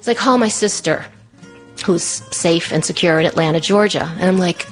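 A woman with a low-pitched voice tells a personal story to an audience, animated and breathless. Her delivery is self-deprecating and quick to dramatize. Faint music sits in the background.

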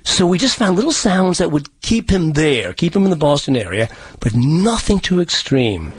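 A man's voice: a little high, very animated, normal speed, a little hiss or hum. A man working as a dialect coach, explaining accent sounds in an interview, often restarting and repeating words. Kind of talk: interview answers.

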